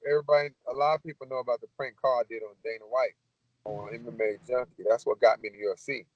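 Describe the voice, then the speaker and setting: A man, a former fighter, telling his career stories in a blunt, animated, profane way. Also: mid-range voice, dry recording, muffled recording. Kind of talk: casual storytelling Q&A.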